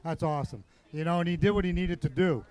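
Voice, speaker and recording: A man's voice: on the high side, fast talker, darkish tone, dry recording. A man co-commentating a live sports event, hyping the crowd and teasing his partner in banter.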